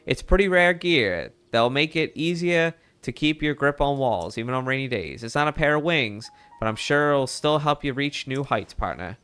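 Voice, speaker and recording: A man voicing an eager male bird news reporter with a put-on Mid-Atlantic accent, brisk and folksy. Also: medium pitch, expressive, fairly bright tone, smooth, voice pushed up, natural voice. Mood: chummy. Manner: brisk, folksy, keeps saying partner.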